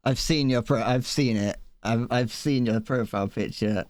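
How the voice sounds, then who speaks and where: A man's voice: medium pitch, moderate pace, darkish tone, dry recording. A young British man streaming live, chatting casually in a rambling, self-deprecating way with frequent chuckles, close to a desk microphone. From Britain. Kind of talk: casual chat while gaming live.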